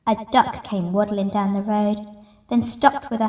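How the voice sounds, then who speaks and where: A woman reading a picture book aloud in an expressive, rhythmic way. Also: mid-range voice, measured pace. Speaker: masked story reader. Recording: roomy echo, distant mic.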